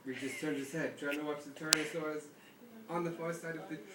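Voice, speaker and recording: With a fairly high pitch and fairly even intonation, a fast-talking man casually reads a novel to friends indoors at a lakeside cabin. Crowd noise sits behind him, the room echoes, the mic is distant, and he's amused enough to break into laughter often.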